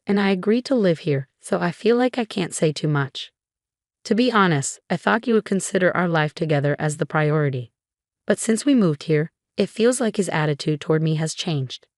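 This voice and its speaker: Woman narrator, first-person story, steady plain reading, fairly low voice, dry close sound. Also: dry recording.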